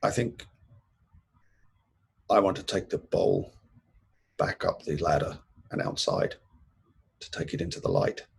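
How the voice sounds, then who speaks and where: Player, man, deep and gravelly, raspy, hesitant. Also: sing-song, unhurried, pauses often. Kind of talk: tabletop role-play.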